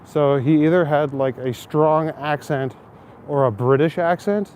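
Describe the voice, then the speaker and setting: A man's voice: a little high, slow, darkish tone. A man in his thirties chatting casually with his livestream viewers as he walks through city streets, swearing freely and laughing often. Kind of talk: casual walking livestream chat. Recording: faint city traffic noise outdoors.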